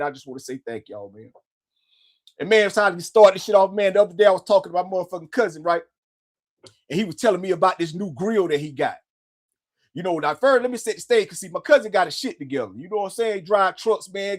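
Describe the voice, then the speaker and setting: Fast-talking high-voiced man, profane monologue. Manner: profane, repetitive, says "man" constantly. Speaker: podcast host. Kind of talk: casual motivational monologue.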